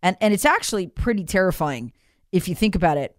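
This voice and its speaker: A woman's voice: lowish voice, expressive, fairly quick, no echo, studio quality. An American woman giving emphatic, incredulous opinion commentary, leaning on rhetorical questions. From United States. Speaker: political commentator.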